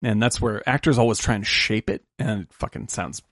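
A man co-hosting a podcast in casual chat, animated, laughing often and swearing casually. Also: on the low side, brisk, no room sound. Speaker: podcast co-host.

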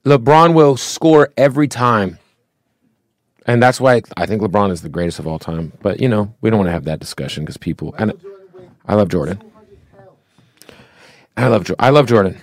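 A man's voice: lowish voice, normal speed, pauses often. A man hosting a casual hip-hop podcast, trading blunt, profane opinions in loose, rambling talk. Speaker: podcast host. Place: live podcast studio.

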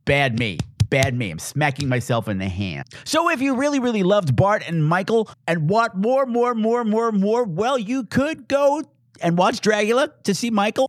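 A camp, theatrical man with a Long Island accent, hosting a podcast in a slightly high voice that leaps even higher when he gets excited. The sound is dry and close, with no room around it. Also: no echo. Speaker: podcast host. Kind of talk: casual podcast outro.

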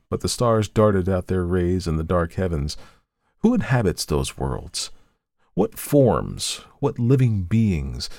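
A man giving a dramatic first-person story reading, intense, swinging between hushed dread and anguished outbursts. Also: lowish voice, creaky, dry recording, studio quality. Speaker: story reader.

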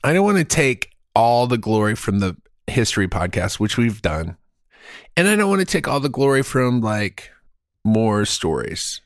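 A man's voice: mid-range voice, sing-song, moderate pace, no echo, clean studio sound. A man co-hosting a comedy podcast, riffing in goofy improvised banter and dropping into silly voices. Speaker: podcast co-host.

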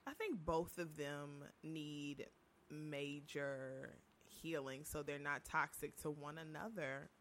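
A woman's voice: low-pitched, fairly even intonation, slow pace. A woman co-hosting a podcast, talking in a reflective, easygoing way in casual chat. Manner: reflective, easygoing, laughs loudly. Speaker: podcast co-host.

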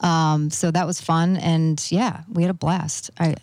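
Woman, middle-aged, casual chat, slightly low, dry sound. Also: a little slow, dry recording. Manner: animated storyteller, acts out quoted voices. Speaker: guest telling a travel story.

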